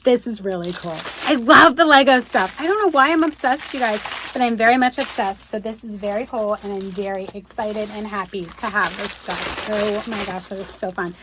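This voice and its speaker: A woman's voice: medium pitch, moderate pace, hardly any pauses, background noise. A woman, unboxing at home and gushing to her viewers in casual chat. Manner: gushing, exclaims often, addresses viewers as you guys. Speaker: unboxing video host. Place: home room.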